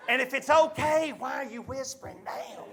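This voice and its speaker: A man doing a hushed, sweet Southern mama. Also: extremely high pitch, normal speed, a little hiss or hum. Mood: gently explaining. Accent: Southern American. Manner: soft, hushed, patient explaining. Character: sweet, pious Southern mother.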